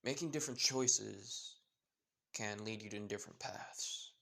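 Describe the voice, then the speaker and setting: A man's voice: on the low side, measured pace, gravelly, a bit bright, pitched below the performer's own voice, exaggerated voice. A man voicing a burly, easygoing single father who talks plainly, close to his own voice. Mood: somber.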